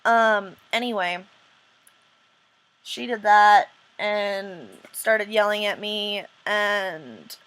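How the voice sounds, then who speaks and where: A woman's voice: mid-range voice, steady tone, drawn-out words, fairly bright tone, smooth, low-quality recording. A woman vlogger telling a personal story in a casual, rambling way, full of restarts and "um"s, earnest and indignant. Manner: rambling, self-interrupting retelling with frequent "um".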